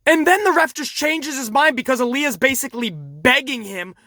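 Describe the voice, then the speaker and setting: Bright-voiced animated wrestling reviewer man. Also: very high-pitched, moderate pace, no room sound, studio quality. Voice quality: animated, swearing, laughs at his own jokes. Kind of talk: casual profane commentary.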